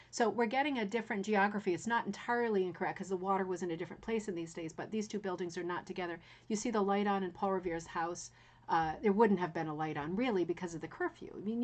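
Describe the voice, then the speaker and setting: Chatty woman hosting a craft channel. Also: medium pitch. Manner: chatty, many fillers and "right?" asides. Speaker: rug hooking channel host. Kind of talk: casual history talk to viewers.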